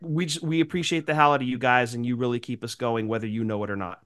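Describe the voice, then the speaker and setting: A man's voice: mid-range voice, steady tone, fast, a bit bright. A man co-hosting a podcast, sick with a cold and sounding nasal, chatting in a rambling, grateful way. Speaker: podcast co-host. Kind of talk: casual chat.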